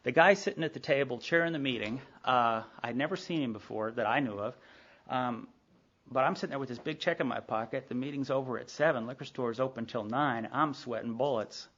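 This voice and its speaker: A man's voice: mid-range voice, brisk, a bit bright. A middle-aged man telling his recovery story to a meeting, candid and conversational, with many asides and acted-out dialogue. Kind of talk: personal recovery story told to a group. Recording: dull lo-fi tape of a live meeting talk.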